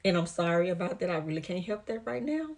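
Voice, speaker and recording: A woman from the United States talks through a casual try-on haul vlog, a little out of breath as she goes. Her voice sits low for a woman. She chats straight at her viewers and calls them "y'all" and "girl.". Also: lively intonation, fast talker, a little mellow. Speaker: vlogger.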